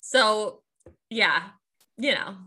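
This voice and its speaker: A young woman with a Midwestern accent chats casually as a podcast guest. Her voice is bright and nasal, and her sentences keep rising at the end, full of "like". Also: medium pitch, extremely slow. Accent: Midwestern American. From Midwest United States. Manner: nasal, rising endings, lots of "like". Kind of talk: casual chat.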